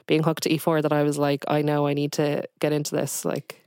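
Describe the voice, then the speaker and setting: A woman's voice: low voice, monotone, fairly quick, darkish tone, smooth, no echo, studio quality. A woman, a guest chatting casually on a podcast and rambling with lots of fillers. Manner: rambling, heavy on "like" and "um".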